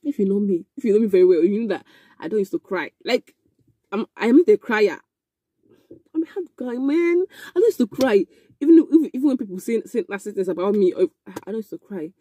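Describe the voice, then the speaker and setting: A young woman telling a casual storytime, animated and excitable, with frequent exclamations. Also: mid-range voice, fairly quick, husky. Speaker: vlogger.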